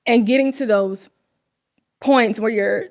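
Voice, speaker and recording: Higher-voiced woman hosting a faith podcast. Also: slow. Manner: emotional, effusive, drops to whispers when moved. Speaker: podcast host. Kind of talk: casual faith conversation.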